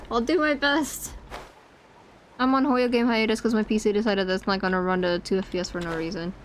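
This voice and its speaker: A woman's voice: mid-range voice, slight background noise. A woman live-streaming a game, chatting to her viewers in a rambling, chatty way and squealing when startled. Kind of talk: casual live-stream chat. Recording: game music behind the voice.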